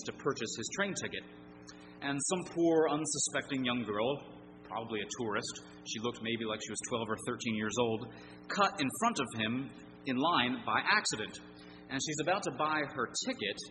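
A man preaching a sermon, earnest and emphatic, often asking his listeners rhetorical questions. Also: medium pitch. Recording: long reverb with faint hum.

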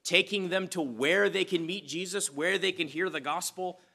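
A man's voice: high voice, moderate pace, creaky, sharp tone. A man preaching a sermon as pastor, reading scripture and praying, conversational with frequent "uh" fillers.

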